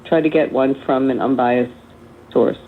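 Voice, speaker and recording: A man's voice: mid-range voice, fairly even intonation, moderate pace. A man in a political debate who keeps pressing the other side with challenging questions. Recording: tinny phone line with faint noise.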